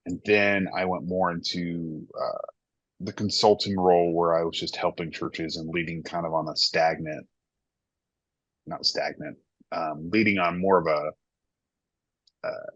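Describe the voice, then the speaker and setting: A man's voice: deep voice, steady tone, measured pace, dry recording. A man in his thirties, a worship pastor, talking candidly and reflectively in a casual podcast conversation. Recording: dull lo-fi dry sound.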